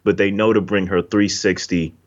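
A man's voice: low voice, flat delivery, normal speed. A man co-hosting a casual movie review podcast, talking animatedly and acting out characters' lines. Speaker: podcast co-host. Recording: slightly dull lo-fi audio.

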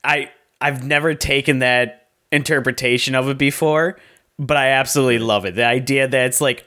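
A man's voice: medium pitch, steady tone, fairly quick, sharp tone. A man co-hosting a casual film discussion podcast, agreeing and adding jokey asides. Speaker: podcast co-host.

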